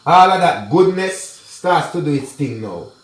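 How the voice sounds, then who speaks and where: Jamaican man, home cooking vlog; high voice, chatty patois, roomy kitchen sound. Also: very animated, a little slow. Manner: chatty patois mixed with English, addresses viewers directly. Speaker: cooking vlogger. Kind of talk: casual cooking tutorial.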